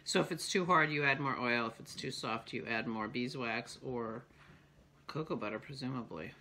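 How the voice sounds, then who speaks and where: A woman with a bright, forward voice talks through her day in a casual vlog. She is chatty and pokes fun at herself, thinking aloud as she goes. There is a faint hiss behind her. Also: extremely low pitch, moderate pace. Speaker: vlogger. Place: home kitchen.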